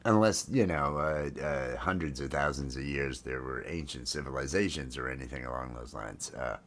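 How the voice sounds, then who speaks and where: A man's voice: very deep voice, normal speed, a bit bright. A man in his fifties hosting a casual live stream, rambling with lots of fillers and restarts. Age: 50s. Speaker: livestream host. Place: home, drinking coffee while streaming.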